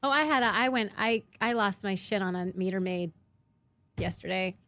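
A woman chatting casually as a co-host, an animated storyteller whose voice jumps high when she retells arguments. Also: normal speed. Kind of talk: casual chat.

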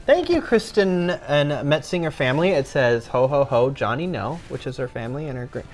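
Easygoing male co-host, mid-pitched. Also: a little fast, a little hiss or hum. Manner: relaxed, warm, thanks viewers often. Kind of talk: casual chat.

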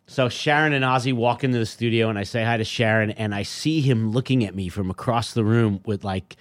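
A man's voice: medium pitch, fairly quick. A middle-aged man, a podcast guest, telling a story in casual chat and acting out what people said. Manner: animated storyteller, acts out quotes.

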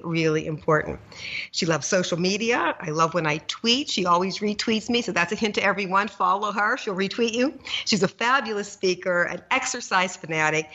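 A woman's voice: mid-range voice, bright, forceful tone, muffled recording. A woman hosting a podcast, chatting enthusiastically and telling stories in a casual interview. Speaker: podcast host.

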